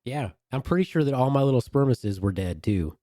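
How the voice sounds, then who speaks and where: A man on a podcast telling an animated story with crude humor in a casual way. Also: mid-range voice, brisk, no room sound, studio quality. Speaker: podcast co-host.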